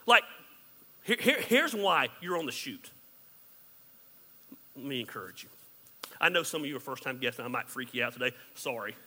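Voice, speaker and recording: A man preaching a sermon as pastor, candid and joking, swinging between loud emphasis and hushed asides. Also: mid-range voice, sing-song, moderate pace, pauses often, in a large hall.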